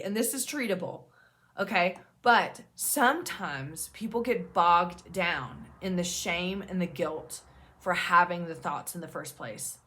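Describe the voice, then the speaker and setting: Talking straight to camera, an OCD peer support advocate in her thirties reassures her viewers earnestly and emphatically. Her voice sits on the low side with a fairly bright tone.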